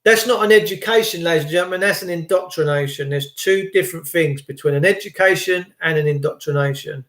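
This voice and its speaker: In an echoey room, a middle-aged English online host with a high voice and South London accent delivers a casual monologue to viewers. He rants earnestly and preachily, repeating himself often.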